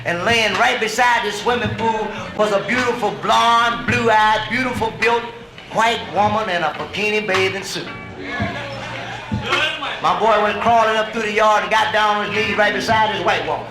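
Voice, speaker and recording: A man's voice: sits high, normal speed, over music. A man telling an adult comedy story on a nightclub stage in a folksy drawl. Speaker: stand-up comedian. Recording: echoey live club recording.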